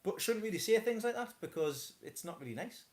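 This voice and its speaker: A man's voice: high voice, lively intonation, brisk. Rambling man chatting at home. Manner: rambling, stammering restarts, chuckling. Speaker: host of a live stream. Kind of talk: casual chat.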